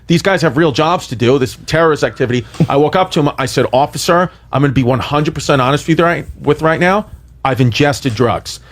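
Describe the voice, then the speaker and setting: A man telling a comedic story on a podcast, animated and profane, acting out the lines he quotes. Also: on the high side, a little fast.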